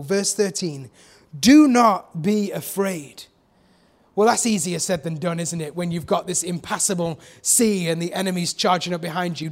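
Male preacher, high voice, lively sermon delivery with questions to the room. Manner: animated, acts out quoted voices, asks the congregation questions.

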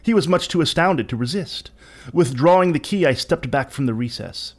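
A man's voice: on the high side, normal speed. A man giving a theatrical, interpretive reading of a classic short story. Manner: theatrical, expressive narration. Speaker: reader.

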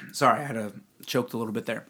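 His mid-range voice is fast, bright, and forceful, with a breathy edge and fairly even intonation. He's an adult parent of young children co-hosting a laid-back podcast, where, as co-host and client, he cracks jokes and tells drawn-out personal stories.

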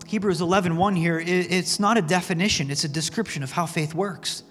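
A man's voice: high voice, a little fast, a bit bright. A male pastor preaching a sermon, telling stories in a casual, earnest way with fillers like "man". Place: church sanctuary. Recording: long reverb with faint music in a church.

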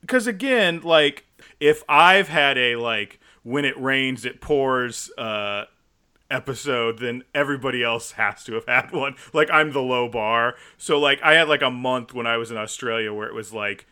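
Bright-voiced man, rambling casual chat. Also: medium pitch, moderate pace, clean tone. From United States. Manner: rambling, filler-heavy storytelling. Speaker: podcast co-host.

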